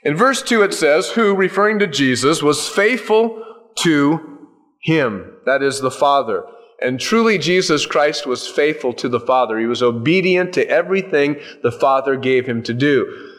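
A man's voice: mid-range voice, expressive, moderate pace, a bit bright. Folksy preacher man teaching scripture. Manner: conversational, folksy asides and humor. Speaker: pastor. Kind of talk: sermon.

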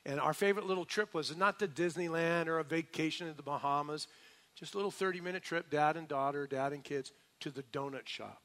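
An older male pastor preaches earnestly, urging loudly one moment and telling stories softly the next. His voice is bright and sits a little high for a man. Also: brisk. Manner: earnest, swings from loud exhortation to soft storytelling. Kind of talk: sermon.

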